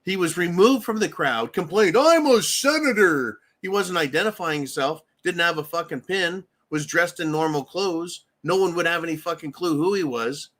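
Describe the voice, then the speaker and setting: A man's voice: on the high side, normal speed, hardly any pauses, fairly bright tone. A man hosting a profane political rant, angry and mocking, with frequent swearing. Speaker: political commentary host.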